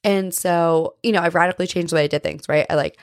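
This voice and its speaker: A woman's voice: lowish voice, fairly even intonation, quick pace, no room sound, clean studio sound. A woman hosting a podcast in casual faith talk, chatty and earnest, often asking "right?" and saying "like". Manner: earnest, confessional. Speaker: podcast host.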